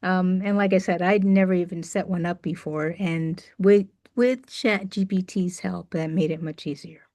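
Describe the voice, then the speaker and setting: A woman hosting a casual online office hour, chatty and warm with small restarts, on a video call. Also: on the low side, steady tone, normal speed. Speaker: host of an open office hour.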